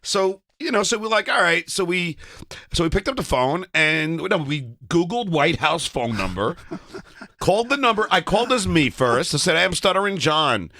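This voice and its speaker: A man's voice: high voice, big pitch swings, normal speed, bright, forceful tone, a little hiss or hum. A man with a stutter, telling stories as a studio interview guest and laughing often. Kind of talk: storytelling interview chat.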